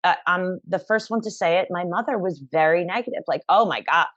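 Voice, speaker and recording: A woman fitness instructor as an interview guest, talking in an energetic, emphatic, upbeat way over a remote call. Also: lowish voice, brisk, dry recording, highs cut off. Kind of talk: conversational interview.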